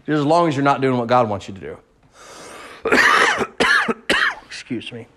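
A man's voice: mid-range voice, wildly swooping pitch, a little slow, pushed and bright. A man preaching a sermon in an impassioned, pleading way, repeating words and building to outbursts.

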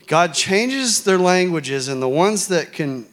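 A man's voice: high voice, lively intonation, slow pace, fairly bright tone. A man preaching a sermon in a church hall, talking conversationally and joking with the congregation.

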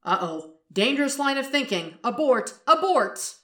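A woman reading a fan podcast story, voicing a joking teenage boy warrior who sounds nervous and goofy, jumping between quiet worry and jokey alarm. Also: on the low side, fairly quick, no echo, clean studio sound, natural voice. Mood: panicky.

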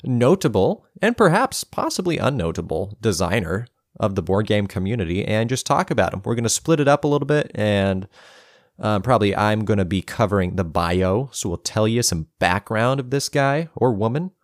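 A man's voice: lowish voice, big pitch swings, normal speed, no room sound. A man co-hosting a casual board game podcast, joking and rambling with a laugh often in his voice, recorded close and dry on a podcast mic. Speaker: podcast co-host. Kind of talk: casual chat.

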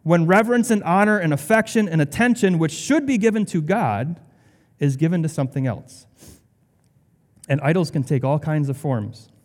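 A man's voice: fairly high pitch, normal speed, in a large hall. A male pastor delivering a sermon in a conversational way, with sarcastic asides.

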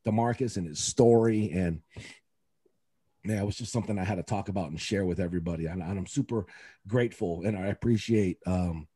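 A man's voice: low-pitched, a little fast, dark tone, husky, no echo. A man, a youth coach, talking in a casual podcast chat, rambling and emotional with many fillers and restarts.

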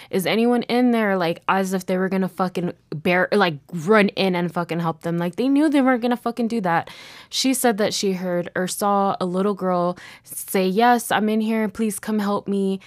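A woman's voice: mid-range voice, no echo, studio quality. A young woman hosting a solo podcast, speaking in a heated way, swearing often and restarting her sentences. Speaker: podcast host. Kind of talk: casual solo podcast monologue.

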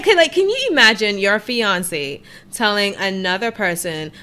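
Podcast girl roasting reality tv people, bright tone, blunt. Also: medium pitch, expressive, normal speed, hardly any pauses, clean tone. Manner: blunt, laughing, mocking. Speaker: podcast co-host. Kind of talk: casual recap chat.

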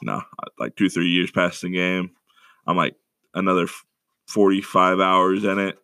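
A man's voice: low-pitched, level tone, moderate pace, vocal fry, sharp tone, dry recording, studio quality. A young college-aged man co-hosting a podcast, rambling in a self-mocking way in casual chat. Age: young adult. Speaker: podcast co-host.

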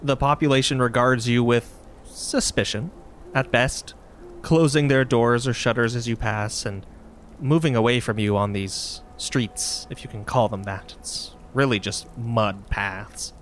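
A man's voice: mid-range voice, steady tone, measured pace, a little hiss or hum. Man narrating as game master.

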